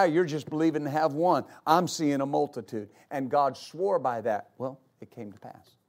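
High-pitched guy preaching to a church crowd, punchy, says things over and over. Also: creaky. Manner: emphatic preaching, repeating key phrases. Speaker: pastor. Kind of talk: sermon. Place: church service before a congregation.

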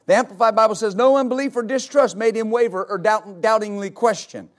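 A male pastor preaching a sermon, rising into repeated, shouted exhortations to his congregation. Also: sits high, brisk. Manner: builds to shouted, repetitive exhortation.

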